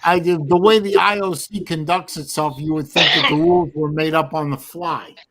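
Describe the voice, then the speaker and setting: A man's voice: fairly high pitch, steady tone, moderate pace, a bit bright, rough recording. Wry, blunt man on a stream. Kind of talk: casual banter. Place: livestream call.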